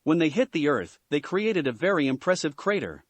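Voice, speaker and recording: A man reading a fan story aloud in a steady, expressive storytelling manner. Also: on the high side, brisk, no echo. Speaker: fan fiction narrator.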